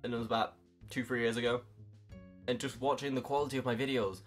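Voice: mid-range voice, a little fast, soft background music. A young adult in their early twenties, chatting casually to camera in a rambling, self-mocking way with casual swearing. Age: early 20s. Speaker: YouTuber. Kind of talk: casual vlog chat.

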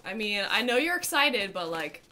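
A woman hosts a comedy livestream, playing a brisk and exasperated interviewer with deadpan delivery. Her voice sits at a middling pitch. A clear background hiss runs under the recording. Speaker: co-host interviewing an applicant. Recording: noisy livestream audio.

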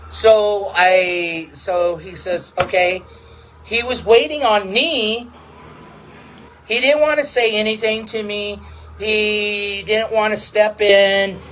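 A man, a pastor, telling a personal testimony in a halting, repetitive way, circling back over the same phrases. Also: sits high, a bit bright, a little hiss or hum, poor audio.

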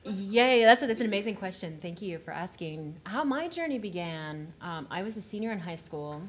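A woman in her thirties from South Texas, a writer on a panel, telling a story. She talks in an animated way, laughs often and acts out the voices she quotes. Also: medium pitch, moderate pace. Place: auditorium panel discussion.

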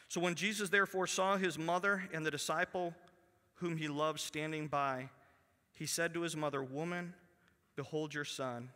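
A man preaching in a church, his bright, ringing voice sitting a little high for a man. He reads scripture aloud and sinks to near-whispers to stress a point. Long reverb from the hall trails every phrase. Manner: reads scripture aloud, dropping to a hushed voice for emphasis. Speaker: pastor. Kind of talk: sermon. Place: church sanctuary.

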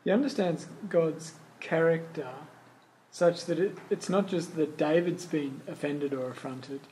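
A man's voice: on the high side, fairly even intonation, unhurried, mellow, slight background noise. A man taking part in a Bible study discussion, adding his own point to the group conversation. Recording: distant mic, faint room ambience.

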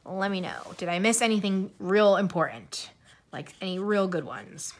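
A woman's voice: on the low side, fairly bright tone. A young woman chatting casually to camera as a vlogger, rambling and giggling between thoughts. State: coughing, tiring voice. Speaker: YouTuber.

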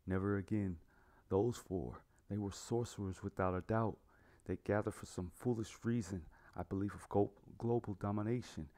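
A man's voice: fairly low pitch, steady tone, moderate pace, close to an everyday voice. A man voicing a grieving male salesman who swears revenge, his lines dropping into choked whispers. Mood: resolute. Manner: breaks into choked, quiet sobbing whispers.

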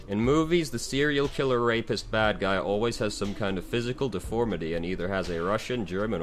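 Guy ranting sarcastically over a bad game, lowish voice that jumps around a lot, swears. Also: slight background noise. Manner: dry, sarcastic, swears freely. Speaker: game reviewer. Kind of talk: sarcastic gameplay commentary.

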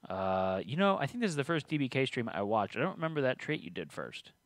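A man's voice: medium pitch, sing-song, quick pace, dry recording, studio quality. A man hosting a tabletop game stream, reading rules aloud and teasing his co-player. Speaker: game host. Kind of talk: casual tabletop game play.

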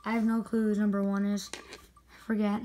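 A woman hockey video creator giving excited spin-the-wheel commentary with indignant outbursts. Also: medium pitch, moderate pace, slight background noise, rough recording.

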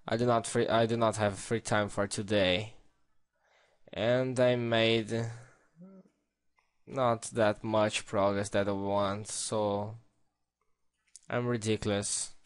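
A man's voice: on the low side, steady tone, takes it slowly, pauses often, clean tone. A man giving casual game commentary, playful, exclaiming and talking to himself as he plays. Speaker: let's play gamer.

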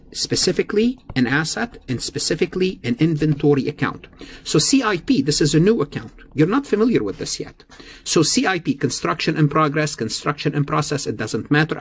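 A man with a slightly husky, higher-than-usual voice teaches an accounting lesson. He walks through each step methodically, repeats the key figures and corrects himself mid-sentence as he goes. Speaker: accounting instructor. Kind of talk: recorded lecture.

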